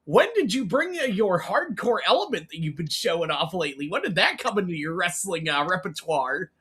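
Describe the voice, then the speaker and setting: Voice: medium pitch, very animated, a little fast, fairly bright tone, slightly rough. A podcast host asking a guest questions in a casual, enthusiastic way, swearing freely. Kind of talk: casual interview.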